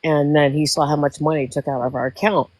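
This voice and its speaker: A woman's voice: low voice, fairly even intonation, quick pace, a little mellow, no echo, low-quality recording. A woman in her sixties telling a long emotional story in casual chat, rambling. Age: 60s. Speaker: guest.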